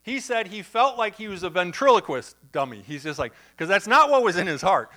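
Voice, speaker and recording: A pastor tells a story from the pulpit in a lively, conversational way, with asides to his congregation. His voice sits high, and he talks fairly quickly with few pauses.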